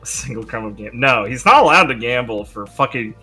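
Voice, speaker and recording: A tired male co-streamer talks frankly and swears freely, joking along as the game plays. His voice is bright and forward, with faint music behind him. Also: medium pitch, expressive, a little fast, slightly rough. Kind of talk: casual chat while watching a stream.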